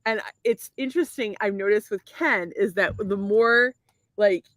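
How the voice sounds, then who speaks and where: A woman's voice: mid-range voice, moderate pace, fairly bright tone, no echo. A woman from Massachusetts co-hosting a casual comedy podcast, rambling and laughing often. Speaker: podcast co-host.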